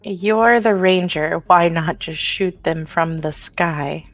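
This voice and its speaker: A woman's voice: on the low side, takes it slowly, no room sound. A woman at a tabletop game, dry and a bit exasperated with her friends. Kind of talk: casual game table chat. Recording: dull lo-fi mic.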